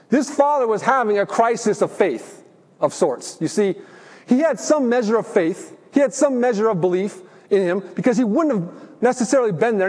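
Pastor, male, high voice, earnest sermon delivery, long reverb of a church hall. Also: darkish tone, breathy edge. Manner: earnest preaching, slows for emphasis.

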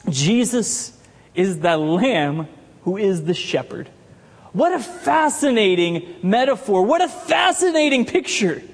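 High-voiced male pastor preaching in a hall. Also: very animated, slow, slightly rough. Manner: conversational, asks the congregation questions. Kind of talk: sermon.

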